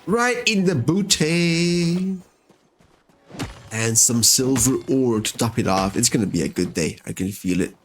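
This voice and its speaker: A man's voice: lowish voice, moderate pace, hardly any pauses, slight background noise. A man giving chatty commentary as he plays a video game and talks to its characters. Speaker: let's-play host. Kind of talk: gameplay commentary. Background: faint game music.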